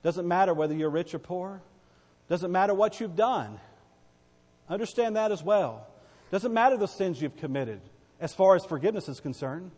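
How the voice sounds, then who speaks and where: A man preaching a sermon, emphatic and repetitive, rising to loud cries and dropping to quiet asides. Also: high voice, lively intonation, moderate pace, breathy edge, long reverb tail.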